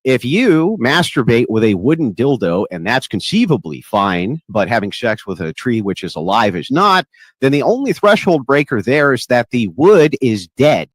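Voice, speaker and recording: A man's voice: medium pitch, big pitch swings, normal speed, no room sound. A man in a played debate clip, insistent and argumentative.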